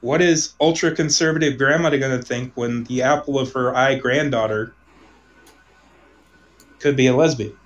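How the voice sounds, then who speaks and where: A man from Omaha telling a personal story in casual conversation, rambling, restarting sentences and trailing off softly. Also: mid-range voice, moderate pace, pauses often, highs cut off.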